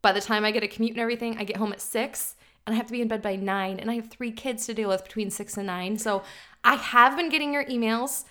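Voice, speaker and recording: Quick to laugh and animated, this podcast co-host chats casually in a fairly high-pitched voice.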